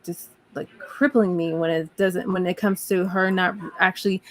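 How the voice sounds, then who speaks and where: A woman's voice: fairly low pitch, fairly even intonation, normal speed. Earnest woman venting in chat. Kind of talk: casual chat.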